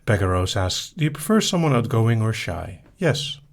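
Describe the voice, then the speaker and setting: Easygoing man with a lively, low voice. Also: moderate pace, gravelly. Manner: soft-spoken, easygoing, reads each question aloud then answers briefly. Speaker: hypnotist hosting a live stream. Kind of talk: casual live Q&A reading viewer questions.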